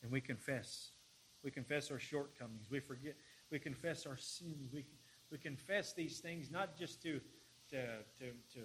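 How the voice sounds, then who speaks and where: A man preaching and praying in an earnest sermon, often repeating words as he searches for the next phrase and building to louder passages. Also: medium pitch, moderate pace, a little hiss or hum, poor audio. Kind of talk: sermon with prayer.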